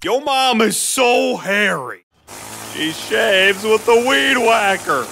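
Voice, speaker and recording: A slow, drawn-out joke reader whose voice swoops widely up and down. The tone is gravelly, with faint noise behind it. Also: mid-range voice, animated, pushed and bright. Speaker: joke narrator. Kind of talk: animated comedy joke reading.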